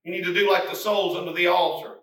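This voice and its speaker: A man preaching a sermon, swinging from hushed, low passages to shouted, climbing appeals. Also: level tone, fast talker. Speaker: pastor. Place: church sanctuary. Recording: echoey room, mic from a distance.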